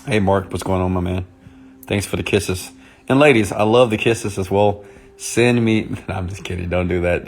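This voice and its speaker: A man speaking softly and intimately on a live stream, greeting viewers by name as a motivational speaker. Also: low-pitched, normal speed, faint music behind. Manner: soft, intimate on purpose; chatty, greets commenters by name.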